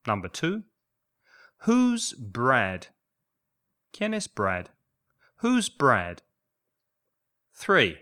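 A man teaching a language lesson, enunciating slowly and carefully through repeated drills. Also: mid-range voice, big pitch swings, bright, forceful tone.

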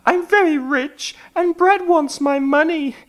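High falsetto woman, tearful, pleading, desperate rich wife, audio-lesson story. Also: measured pace.

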